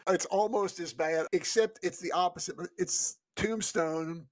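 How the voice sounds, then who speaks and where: Excitable man chatting, says "dude". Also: high voice, unhurried. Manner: enthusiastic, says "dude" a lot, laughs often. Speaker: podcast co-host. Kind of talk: casual book discussion chat.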